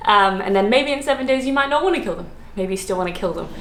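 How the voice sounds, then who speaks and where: A woman from Australia with an Australian accent, chatting casually to camera in a rambling way, laughing often and filling pauses with ums and likes. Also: medium pitch, expressive, a bit bright, reverberant. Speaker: vlogger. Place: room, lived in London.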